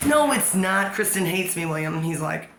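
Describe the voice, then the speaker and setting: A woman's voice: fairly low pitch, animated, moderate pace, background noise. A woman talking to the camera in a scattered, joking monologue that keeps correcting itself. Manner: scattered, self-correcting, jokey asides. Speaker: vlogger.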